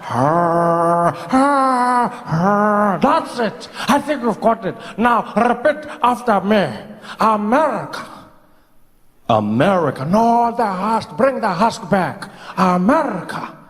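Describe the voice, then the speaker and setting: Brief: comedian putting on an aged statesman, wise, slow and grave, lively pitch, on a reverberant stage. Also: exaggerated voice. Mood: slow-lecturing. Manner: slow, weighty, measured delivery.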